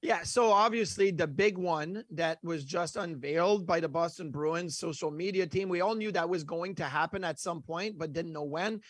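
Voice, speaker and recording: A man's voice: a little high, normal speed, hardly any pauses, dry recording. A man co-hosting a casual sports talk show, rambling with many fillers and restarts. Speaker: hockey podcast co-host.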